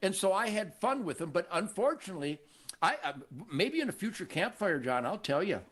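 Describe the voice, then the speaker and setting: An older man from Michigan hosting a show, telling stories in a cocky, animated way and acting out the voices of people he quotes. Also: high-pitched, brisk. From Michigan, USA. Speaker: show host. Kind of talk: casual storytelling conversation.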